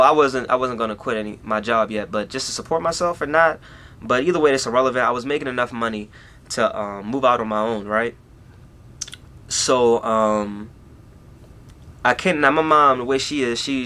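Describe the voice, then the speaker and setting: Bright-voiced young man telling a story. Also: mid-range voice, smooth. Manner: rambling, heavy on fillers like "you know" and "like". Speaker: YouTuber. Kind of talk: personal storytelling vlog.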